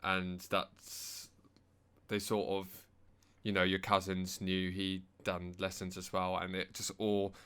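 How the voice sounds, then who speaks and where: A man's voice: low-pitched, completely flat delivery, takes it slowly, a bit bright, clean tone. A man co-hosting a podcast, chiming in with short remarks in casual chat. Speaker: podcast co-host.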